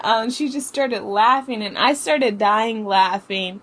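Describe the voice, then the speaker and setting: A woman's voice: fairly high pitch, measured pace, hardly any pauses, a bit bright. Chatty, profane young woman telling a story. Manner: chatty, profane, filler-heavy with lots of "like". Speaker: podcast host. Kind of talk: casual storytelling.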